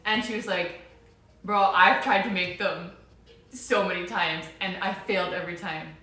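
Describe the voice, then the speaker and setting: A young woman with a bright, forward voice rambles and giggles through a casual chat with her viewers. She sounds a little off-mic, in a kitchen full of hard echo. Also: fairly low pitch, steady tone, moderate pace. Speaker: livestreamer. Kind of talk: casual cooking livestream chat. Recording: echoey room, mic a bit far off.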